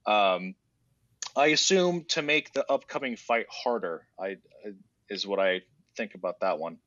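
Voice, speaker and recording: A man's voice: on the low side, lively intonation, measured pace, fairly bright tone, no room sound, lo-fi sound. A man hosting a casual podcast who rambles through a story recap in a sarcastic, mock-casual way. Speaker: podcast host.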